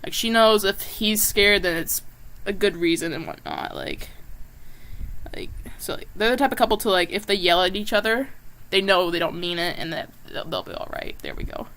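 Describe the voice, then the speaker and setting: A woman's voice: on the low side, sing-song, normal speed. A woman and comic artist chatting casually while drawing on a live stream, talking with lots of fillers. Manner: chatty, many fillers, drifts into soft asides.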